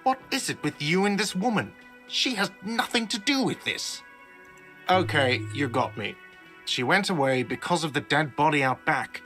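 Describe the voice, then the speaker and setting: A man's voice: fairly high pitch, animated, moderate pace, pushed and bright, soft background music. An actor playing a testy male manager who answers in a sarcastic, curt way. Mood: irritable.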